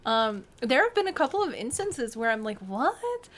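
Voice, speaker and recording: A young woman guest in casual chat, a lively storyteller who acts out what people said. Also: on the high side, a little fast. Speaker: podcast guest, co-streamer.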